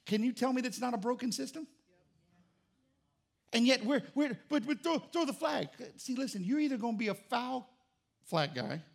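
A man's voice: high-pitched, gravelly. A man pastor preaching a sermon, emphatic and jokey, with rising exclamations.

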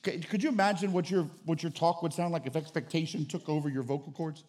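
Preaching fast in a high, steady-toned voice, this pastor drives his sermon forward with emphasis. He pelts the congregation with rhetorical questions, sometimes building up to shouted proclamations.

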